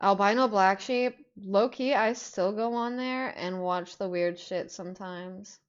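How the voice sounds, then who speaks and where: A woman's voice: medium pitch, unhurried, clear, resonant tone, dull audio. A young adult woman telling stories in casual chat, rambling with lots of fillers and swearing freely. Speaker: podcast host.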